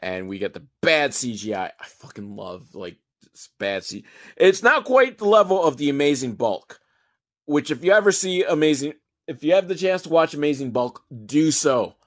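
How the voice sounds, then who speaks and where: A man recapping a movie in a casual, comedic way. He rambles with sarcasm and the odd curse word. His voice sits a little high and swings widely in pitch. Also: expressive, moderate pace. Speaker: movie reviewer.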